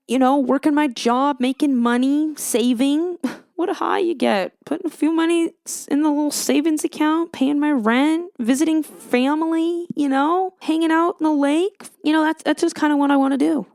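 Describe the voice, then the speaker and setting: Young woman, casual podcast monologue, self-mocking and chatty, gravelly fry in her voice, dry close sound. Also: high voice, a little mellow, no room sound. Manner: chatty, self-mocking, slips into a joking Southern drawl when praying. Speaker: podcast host.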